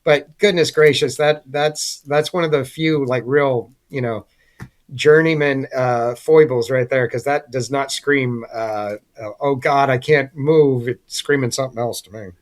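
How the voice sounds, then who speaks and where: A man guest on a casual comic book podcast, joking about the art in a folksy, gently humorous way. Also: medium pitch, steady tone, measured pace.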